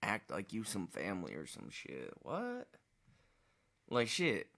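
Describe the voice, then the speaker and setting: A man giving casual reaction commentary, with slow, drawling asides and plenty of swearing. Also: lowish voice, huge pitch swings, gravelly, bright, forceful tone. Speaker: reaction video host.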